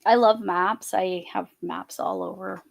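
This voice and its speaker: A woman's voice: medium pitch, steady tone, a little slow, creaky, rough recording. Woman host, casual livestream chatter, easygoing and laughing often. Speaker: crochet vlog host.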